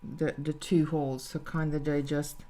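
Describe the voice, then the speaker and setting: A woman's voice: deep voice, little pitch movement, normal speed, dark tone, slight background noise. A woman talking through a live beading tutorial step by step, thinking aloud as she works. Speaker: jewellery designer teaching beading.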